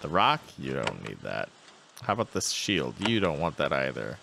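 Let's-play host, man, low voice with a lively pitch, chatty self-talk. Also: moderate pace, creaky, background noise. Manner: chatty, talks to himself, reads game text aloud. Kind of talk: casual gameplay commentary.

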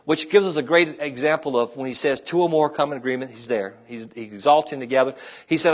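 Conversational preacher man calling "amen?". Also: fast. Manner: conversational, repeats himself, asks "amen?"; rises in pitch and volume when stirring the congregation. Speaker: pastor. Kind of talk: sermon.

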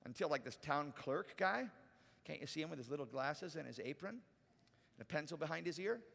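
High bright-voiced preacher in a hall. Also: male voice, lively intonation, a little fast, creaky. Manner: casual, conversational preaching with crowd asides. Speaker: pastor. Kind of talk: sermon. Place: large church auditorium.

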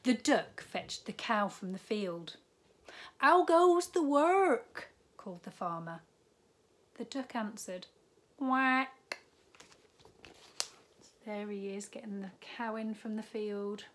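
Gentle, unhurried woman teacher at storytime. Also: mid-range voice, fairly even intonation, slight background noise. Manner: gentle, unhurried, with asides to the children. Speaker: primary school teacher. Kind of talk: reading a picture book aloud to young children.

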